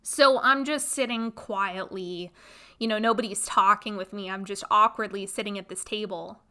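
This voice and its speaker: A woman hosting a podcast, telling a personal story in a blunt, expressive, animated way. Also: mid-range voice, normal speed. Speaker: podcast host. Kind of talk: casual storytelling monologue.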